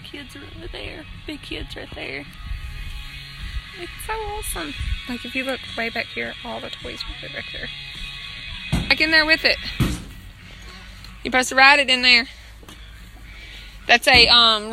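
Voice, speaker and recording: This family vlogger, a woman in her twenties from northern Mississippi, US, has a Southern accent and a high, gravelly voice with lively intonation, talking a little slowly with long pauses. At an outdoor farm and pumpkin patch, she cheerfully narrates and calls out to her kids over background music and outdoor noise in a rough recording.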